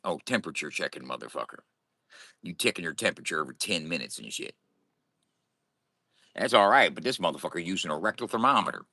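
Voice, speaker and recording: A man's voice: deep voice, expressive, fast talker, vocal fry, long pauses, bright, forceful tone, no echo, studio quality. A man talking casually to camera in a morning vlog, boisterous and profane and laughing often. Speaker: vlogger.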